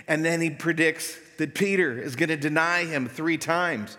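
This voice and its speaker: Male pastor, bright and higher-pitched, casual preaching style, long hall reverb. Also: normal speed. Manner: conversational preaching, animated when voicing the disciples. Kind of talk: sermon. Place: church sanctuary.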